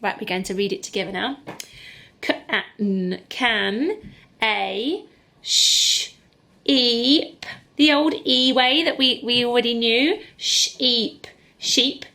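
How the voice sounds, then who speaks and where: Slow-spoken woman teaching phonics. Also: a little high, pushed and bright. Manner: slow, sounds out letters, encouraging. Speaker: primary school teacher. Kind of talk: phonics lesson to camera. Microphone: camera in front of her.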